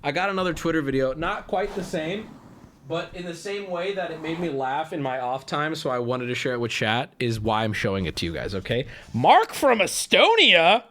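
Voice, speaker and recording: A man's voice: on the high side, brisk, a bit bright. A man hosting a livestream, chatting casually with his viewers in a rambling, profane way. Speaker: streamer host.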